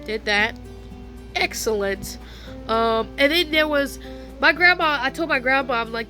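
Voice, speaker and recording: A woman's voice: high-pitched, animated, measured pace, pauses often, sharp tone, faint music behind. A young woman telling a casual storytime vlog, chatty and slangy, laughing often. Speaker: vlogger. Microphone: phone.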